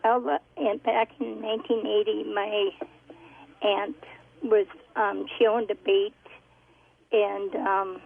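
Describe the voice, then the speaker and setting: A woman's voice: mid-range voice, flat delivery, gravelly, slightly rough. Hesitant woman caller on a phone line. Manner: hesitant, many ums, halting. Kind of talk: phone-in story.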